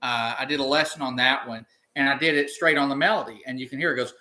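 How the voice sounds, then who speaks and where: A man's voice: medium pitch, fast talker, few pauses. Man chatting between banjo licks. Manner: relaxed rambling explanation with sung snippets. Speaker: banjo teacher. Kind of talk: casual live practice chat. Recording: banjo music under the voice.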